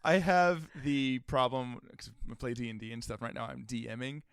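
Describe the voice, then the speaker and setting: A man's voice: medium pitch, normal speed, clear, resonant tone, no room sound, clean studio sound. A man co-hosting a comedy podcast, chatting casually and joking, often laughing. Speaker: podcast co-host.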